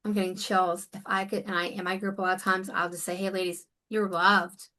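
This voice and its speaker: A woman's voice: medium pitch, little pitch movement, fast talker, pushed and bright. A woman life coach speaking as a guest in a conversational interview, earnest and emphatic. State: near tears.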